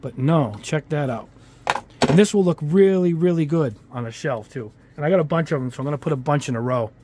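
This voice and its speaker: A man with a fairly high pitch talks fairly quickly over a noisy background. This hobby model-kit YouTuber reviews a product casually at his bench, rambling with lots of fillers and chatty asides, his New England accent touched by Italian-American speech.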